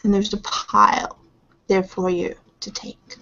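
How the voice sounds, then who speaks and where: A woman's voice: medium pitch, level tone, a little slow, vocal fry, a bit bright. A woman narrating a tabletop game as game master, describing scenes vividly and mimicking sounds. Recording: dull lo-fi recording.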